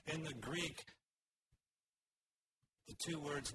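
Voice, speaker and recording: A man's voice: mid-range voice, slow pace, pauses often. A man preaching an earnest, expository sermon. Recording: hissy recording.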